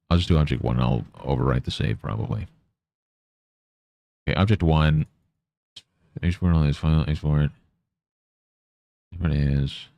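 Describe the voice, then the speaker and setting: A man's voice: a bass voice, gravelly, mellow, no room sound. A man streaming while he works, muttering to himself and playfully scolding his pet. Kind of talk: casual live-stream chatter.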